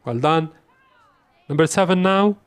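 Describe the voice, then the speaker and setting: Male English tutor running a quiz lesson: unhurried, repeats examples, fairly high-pitched. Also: lively intonation, clean tone, dry recording. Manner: slow, deliberate, repeats example phrases. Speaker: English teacher. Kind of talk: quiz-style language lesson.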